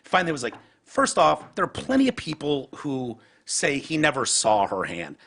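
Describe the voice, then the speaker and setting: A man's voice: on the high side, wildly swooping pitch, moderate pace, vocal fry, fairly bright tone, husky. A man hosting a podcast in casual chat, ranting heatedly and profanely and acting out other people's words. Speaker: podcast host.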